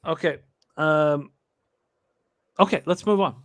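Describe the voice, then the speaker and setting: A man's voice: fairly high pitch, slow, no echo, studio quality. A man hosting a live sports betting show, talking casually with restarts and reading viewer comments aloud.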